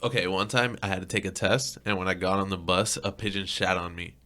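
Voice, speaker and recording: A man's voice: low voice, fairly quick. A young man co-hosting a casual podcast, laid-back, reading out items and telling stories. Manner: relaxed, reads items out, laid-back "dude" talk. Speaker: podcast co-host. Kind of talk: casual chat.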